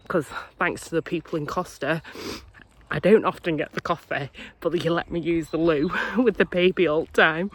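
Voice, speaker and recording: A young woman with a Yorkshire accent, chatting casually to camera on the go and laughing through serious topics. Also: fairly low pitch. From England. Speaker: vlogger. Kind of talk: casual chat to camera while walking.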